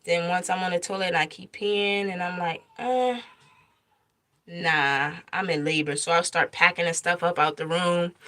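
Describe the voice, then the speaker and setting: Bright, animated young mother storytelling. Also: lowish voice. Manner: animated retelling, acts out quoted lines. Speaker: mother telling her birth story. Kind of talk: casual storytime vlog.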